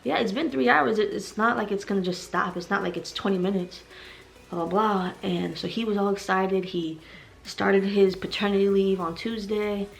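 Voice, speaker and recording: A woman's voice: medium pitch, steady tone, normal speed, creaky. A heavily pregnant young woman vlogging to her viewers, talking in an emotional, rambling way and growing tearful at times. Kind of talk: personal vlog confession.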